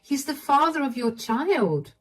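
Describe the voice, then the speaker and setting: A woman voicing an apologetic older mother who speaks gently and pleads to be believed. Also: high voice, very animated, a little slow, distant mic, soft background music, pitched above the performer's own voice, rough recording. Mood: upset, pleading.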